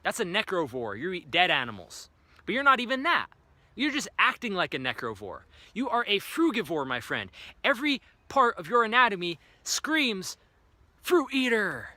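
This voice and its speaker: Animated, profane young man ranting. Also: sits high, moderate pace, no room sound. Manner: animated, profane, acts out imagined voices. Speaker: vlogger. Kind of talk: profane opinion rant to camera.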